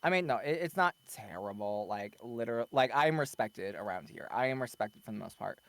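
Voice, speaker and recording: A man chatting casually as an interview guest, from the Southern United States, quick to slip into playful put-on voices when telling stories. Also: mid-range voice, lively intonation, a bit bright, no room sound. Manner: chatty, puts on exaggerated Southern voices when quoting people. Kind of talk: casual chat.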